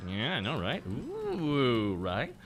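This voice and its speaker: A man's voice: fairly high pitch, very animated, brisk, pushed and bright, soft background music. A young man, telling a story casually on stream in a profane, rambling way.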